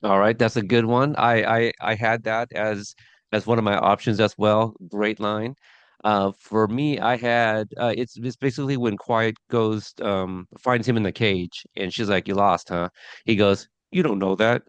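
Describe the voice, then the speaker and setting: A man's voice: on the low side, fairly even intonation, unhurried, clear, resonant tone, no echo. A man co-hosting a podcast review of a TV episode, talking casually with lots of fillers and restarts. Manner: chatty, many fillers and restarts.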